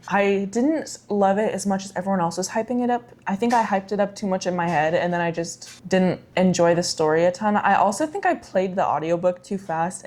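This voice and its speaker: A woman's voice: fairly low pitch, darkish tone. A young woman vlogging about books she read, chatty and effusive, with frequent fillers and self-corrections. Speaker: book vlogger. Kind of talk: casual chat.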